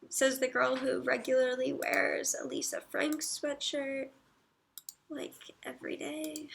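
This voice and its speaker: High, gravelly-voiced woman streamer. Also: a little hiss or hum. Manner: reads viewer comments aloud and murmurs soft asides. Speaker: livestreamer. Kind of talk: casual livestream chat.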